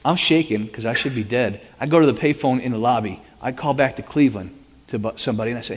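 A man with a middling pitch tells a dramatic personal testimony at a quick pace, his voice carrying a breathy edge. He's animated and acts out the quoted dialogue in different voices, while the long reverb of a large hall trails each phrase.

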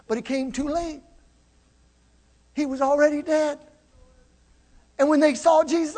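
High-voiced preacher in an echoing church. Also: male voice, normal speed, long pauses. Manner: animated preaching, swinging between loud and hushed; jokey asides to the congregation. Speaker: pastor. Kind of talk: sermon. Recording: long hall reverb.

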